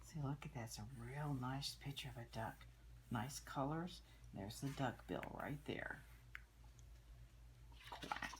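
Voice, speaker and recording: Slow low-voiced grandmother reading aloud. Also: background noise. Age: older. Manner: gentle, chatty, pointing out pictures, sometimes whispering. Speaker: children's book reader. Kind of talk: reading a picture book aloud to children.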